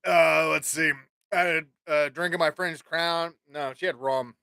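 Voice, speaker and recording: Cussing podcast dude rambling along, bright crisp voice, dry close mic. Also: male voice, fairly high pitch, steady tone, a little slow, no echo. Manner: profane, rambling, jokey. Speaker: podcast host. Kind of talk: casual rambling monologue.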